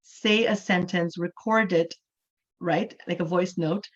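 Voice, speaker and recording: A woman's voice: lowish voice, fairly even intonation, takes it slowly, dull audio. A woman from Canada, a native English speaker, teaching an online English class and explaining things patiently, often checking in with "right?".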